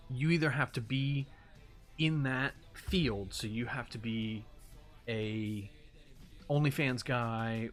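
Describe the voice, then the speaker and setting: A man's voice: mid-range voice, fairly bright tone. A man giving casual reaction commentary, incredulous and rambling, swearing now and then. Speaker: YouTube commentator.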